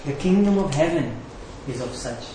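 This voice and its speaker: A man's voice: a little high, animated, moderate pace, background noise. A man preaching a sermon as pastor in a conversational, earnest way, often checking in with the listeners. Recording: roomy echo.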